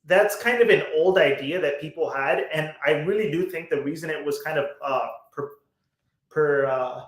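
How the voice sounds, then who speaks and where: An American man co-hosts a podcast in casual chat, blunt and swearing often, with lots of fillers and restarts. His voice is a little high at a moderate pace, and the room sounds echoey.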